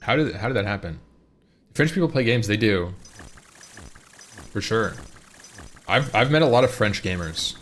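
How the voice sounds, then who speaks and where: A man's voice: on the low side, expressive, moderate pace, long pauses, a bit bright, a little hiss or hum. Rambling male streamer chatting with viewers. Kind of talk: casual live-stream chat.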